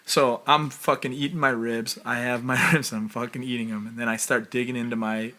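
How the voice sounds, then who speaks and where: Bright-voiced man telling rambling stories. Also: medium pitch, steady tone, brisk. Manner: rambling storyteller, many fillers, swearing. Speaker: podcast co-host. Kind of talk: casual chat.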